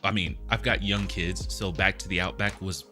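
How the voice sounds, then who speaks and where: A man's voice: low voice, steady tone, normal speed, music in the background. A man in a casual chat, laid-back and slangy, laughing often.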